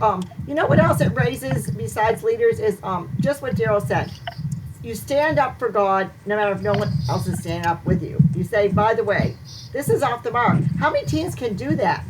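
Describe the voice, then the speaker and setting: A woman co-hosting an interview in casual chat, lively and laughing often, drifting into faith-based advice about parenting. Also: fairly high pitch, normal speed. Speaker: co-host. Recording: distant, noisy call audio.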